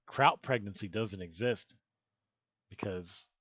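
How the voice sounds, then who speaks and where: A man's voice: fairly low pitch, slow, fairly bright tone, dry recording, highs cut off. A man streaming from a basement, joking with his chat and trying out goofy British voices. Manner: jokey, tries out silly British voices. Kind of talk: casual live-stream chat with chat readings. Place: basement room. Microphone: headphones on, desk mic.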